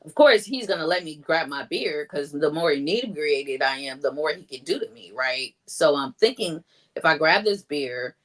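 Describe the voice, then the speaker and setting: A woman whose voice sits low and a bit bright, with lively intonation at a normal pace, tells a personal story as a guest. She's chatty, fills her speech with "like," and acts out quotes loudly.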